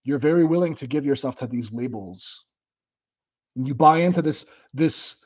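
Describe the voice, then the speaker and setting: A man's voice: medium pitch, normal speed, dull audio. Blunt, profane man livestreaming. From United States. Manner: blunt, profane, animated, mocking. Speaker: livestream host. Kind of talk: casual livestream chat reading comments.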